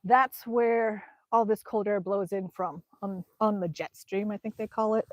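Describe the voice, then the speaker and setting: A woman's voice: medium pitch, fairly even intonation, measured pace, no echo. Woman, casual live-stream chatter, rambling, dry close phone sound, outdoors. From Alaska. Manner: chatty and rambling, many ums. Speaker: vlogger reading live chat. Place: outdoors in winter. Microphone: phone camera.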